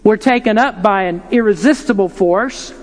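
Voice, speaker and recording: A man's voice: high voice, normal speed. A man preaching an earnest, emphatic sermon, posing rhetorical questions to his listeners. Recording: long hall reverb.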